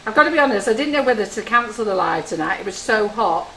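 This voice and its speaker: A woman's voice: medium pitch, expressive, fast, bright, forceful tone, echoey room, slight background noise, poor audio. A woman hosting a live baking demonstration, chatting, telling stories and teasing her viewers as she works. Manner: chatty, jokey storyteller who teases viewers. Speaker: baker demonstrating on a livestream. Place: home-style kitchen studio.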